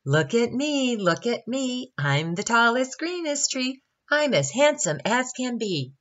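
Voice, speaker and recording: A woman voicing a boastful, grumpy young male baobab tree in a children's storybook reading, whining and complaining loudly. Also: a little high, very animated, measured pace, muffled recording, voice pushed up. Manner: whiny, loud complaining.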